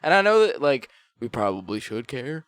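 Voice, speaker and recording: Swearing, animated podcast host. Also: male voice, mid-range voice, moderate pace, clear, resonant tone, no echo. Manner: swearing, animated, laughs often. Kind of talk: casual chat.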